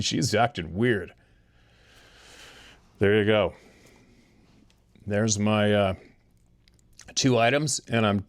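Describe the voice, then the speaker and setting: A man hosting a show, telling odd personal stories in a rambling way and chuckling as he talks to his listeners. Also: lowish voice. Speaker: host reading listener stories. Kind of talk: casual storytelling.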